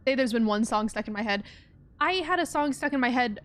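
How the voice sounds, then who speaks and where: A young woman chatting casually while she plays a puzzle game on stream. She rambles from thought to thought, laughs often, and her voice sits a bit high. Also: lively intonation, brisk. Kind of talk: casual let's-play chat.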